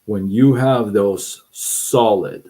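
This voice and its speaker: Slow, low-voiced man telling a story. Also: dark tone. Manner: rambling, repeats himself, quotes people in voices. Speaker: livestream host. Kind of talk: casual storytelling chat.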